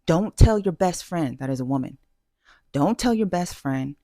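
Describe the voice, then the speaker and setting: A woman's voice: lowish voice, lively intonation, moderate pace, warm tone, dry recording, studio quality. A woman vlogger giving dating advice in a casual, self-assured way, emphatic and full of fillers and restarts. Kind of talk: casual talking-head advice.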